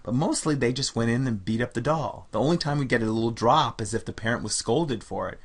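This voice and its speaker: A man's voice: medium pitch, brisk, slightly rough. A man lecturing a university psychology class in a loose, conversational way, often restarting and repeating phrases.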